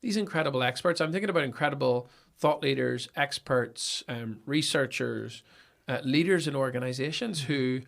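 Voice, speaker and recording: A man hosting a podcast interview, thinking out loud in a reflective way. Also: medium pitch, moderate pace, creaky. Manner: thoughtful, thinking aloud with restarts. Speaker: podcast host.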